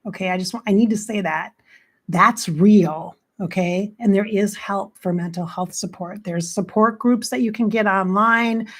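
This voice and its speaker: A woman's voice: mid-range voice, moderate pace. Frank, blunt woman life coach. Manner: frank, blunt, swears freely; chatty, quotes herself with "I'm like". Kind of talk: casual motivational talk to camera.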